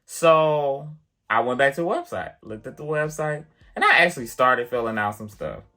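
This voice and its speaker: A man vlogging, chatty and animated as he tells a personal story to the camera, full of casual fillers. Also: mid-range voice, moderate pace. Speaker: vlogger and piano teacher.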